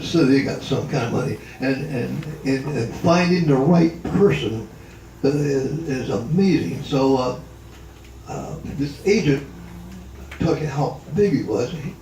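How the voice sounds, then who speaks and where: A man's voice: a little high, dark tone. Rambling older man, heard from far off. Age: 80s. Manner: rambling anecdotal, many restarts and fillers. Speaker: retired drummer and tap dancer. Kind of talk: storytelling to a live gathering. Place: indoor hall at a family reunion. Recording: roomy echo, distant from the mic, faint background hum.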